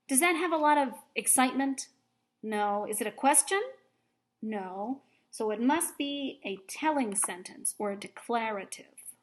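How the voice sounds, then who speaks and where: A woman teacher giving a recorded grammar lesson for children, explaining patiently, clearly and step by step. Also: a little high, expressive, measured pace.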